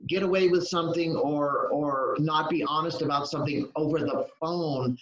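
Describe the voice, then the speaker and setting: A man speaking as a guest on a podcast, in a halting way that often breaks off. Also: a little high, fairly even intonation, a bit bright. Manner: halting, self-interrupting. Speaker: guest in recovery. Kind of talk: podcast interview. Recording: echoey room, dull lo-fi sound.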